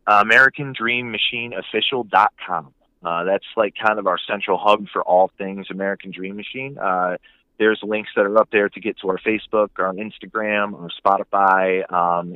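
A man who plays in a band, chatting casually in an interview and plugging his music in a relaxed, upbeat way with lots of fillers. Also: fairly low pitch, no echo, narrow, tinny audio. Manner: relaxed, upbeat, filler-heavy promo talk.

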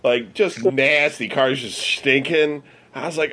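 A man's voice: mid-range voice, moderate pace, hardly any pauses, fairly bright tone. A man from the US Midwest telling a rambling, profane story among friends, full of fillers. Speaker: podcast regular.

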